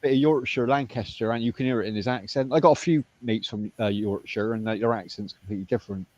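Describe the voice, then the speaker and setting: A man's voice: on the low side, fairly even intonation, fast talker, a little mellow, no room sound, highs cut off. A British man with an English accent in casual voice-call chat, laughing often, swearing and rambling. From Britain.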